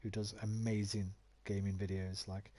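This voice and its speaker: A man's voice: lowish voice, little pitch movement, normal speed, mellow. A man with a West Midlands accent giving casual, rambling commentary while streaming a game, swearing freely. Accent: West Midlands English.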